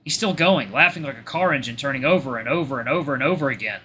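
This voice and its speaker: A man reading a visual novel aloud in expressive first-person narration, stumbling now and then. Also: mid-range voice, fast talker, slight background noise. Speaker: let's play host.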